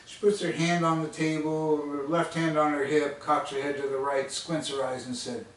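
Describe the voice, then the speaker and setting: A man's voice: fairly high pitch, level tone, moderate pace. A man telling a humorous personal story in a rambling, self-mocking way, chuckling often. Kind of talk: casual storytelling vlog. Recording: distant mic in a very echoey room.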